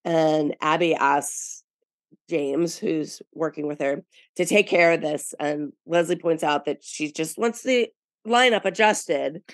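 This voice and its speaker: Woman podcast co-host, lowish voice, dry close sound, chatty recap, acts out quotes. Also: slow, no echo. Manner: animated storytelling, acts out quotes. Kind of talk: casual podcast recap chat.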